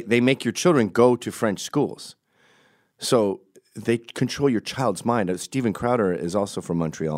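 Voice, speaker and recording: A middle-aged man from Canada telling an animated story, jumping into high put-on voices and laughing mid-sentence. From Canada, raised in Quebec. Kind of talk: storytelling monologue.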